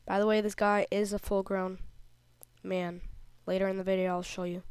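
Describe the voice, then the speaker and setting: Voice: mid-range voice, little pitch movement, moderate pace, clean tone, no room sound. A young kid, not yet through puberty, telling a rambling, indignant story in a casual vlog while a little sick. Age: child, before puberty. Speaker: video creator. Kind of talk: casual vlog commentary over screenshots.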